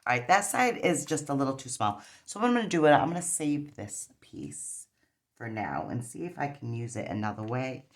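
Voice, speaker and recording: A woman with a strikingly deep, low voice talks her way through a nail polish strip tutorial. She rambles casually, circling back on herself with plenty of ums and you-knows. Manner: rambling, chatty, many fillers.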